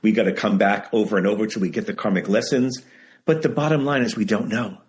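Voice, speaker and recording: Man, low-pitched, emphatic storyteller, repeats himself, video call interview. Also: fast talker. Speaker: memoir author guest.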